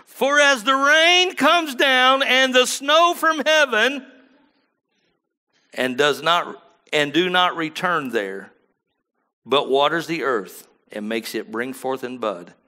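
A male pastor delivering a sermon in a bright, forceful voice of middle pitch. He sinks into low, soft asides, then lifts into loud, stretched-out emphasis on scripture, and keeps checking in with the congregation for agreement. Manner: swings from low murmurs to loud emphatic bursts.

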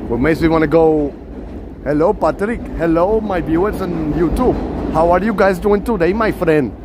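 A man's voice: a little high, moderate pace, background noise, voice pushed up, natural voice. A man putting on a playful Indian accent as a chatty tour guide. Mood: teasing. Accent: put-on Indian. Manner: playful, exaggerated, teasing.

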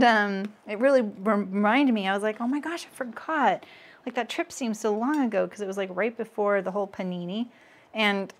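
A woman's voice: medium pitch, a bit bright, a little hiss or hum. A woman in her thirties hosting a casual sewing livestream, chatting with viewers and laughing at her own jokes as she works.

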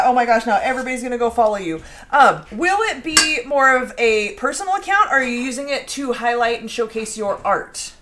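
A woman's voice: a little high, expressive, a little fast, few pauses, fairly bright tone, a little hiss or hum. A woman hosting a casual home baking live stream, chatting and reading out viewer comments. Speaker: baking show host. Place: home kitchen.

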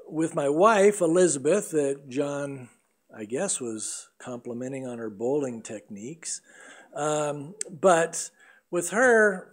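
A middle-aged male pastor preaching a sermon in an earnest, conversational way, sometimes putting on voices for a story. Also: a little high.

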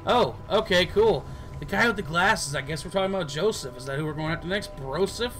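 A man's voice: sits high, expressive, fairly quick, a bit bright, soft background music, poor audio. A man giving casual gameplay commentary as a let's player, goofy and joking, chatting to the characters on screen. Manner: goofy, jokes and talks to game characters.

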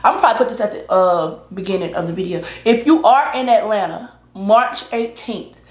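A woman's voice: medium pitch, fairly quick. Chatty woman vlogging in a roomy space. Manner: chatty, loose and talkative, repeats herself. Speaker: mukbang vlogger, host. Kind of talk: casual chat while eating. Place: indoors at her eating setup.

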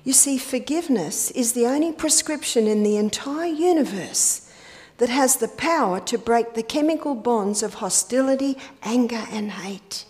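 A woman speaking to a church audience in a sermon-like lecture. Her voice sits fairly high, and she tells stories with emphasis. She drops to a near whisper to land her points. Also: moderate pace, darkish tone. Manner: storytelling, emphatic, rhetorical questions, drops to a whisper on key points.

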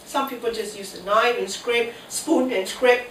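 A woman's voice: fairly high pitch, steady tone, normal speed. A woman with a cold hosting a casual cooking demonstration alone in her home kitchen, chatting to herself as she works. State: has a cold. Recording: echoey kitchen, mic at a distance, faint noise.

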